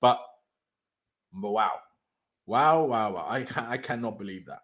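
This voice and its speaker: A man's voice: fairly low pitch, animated, measured pace, fairly bright tone. A man hosting a football fan show, ranting in exasperation, stumbling over his words and swearing. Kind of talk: angry post-match reaction rant.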